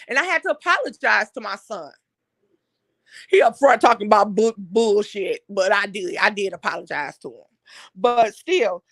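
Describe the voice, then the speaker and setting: A woman's voice: on the high side, pushed and bright, no echo. A woman hosts an impassioned monologue. She talks bluntly and heatedly and swears often. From Detroit, USA. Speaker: online talk show host.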